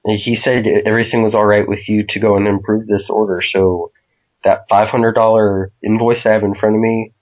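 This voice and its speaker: A man prank calling as customer service, calm and mock-polite. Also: lowish voice, normal speed. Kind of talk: prank phone call. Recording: tinny phone line.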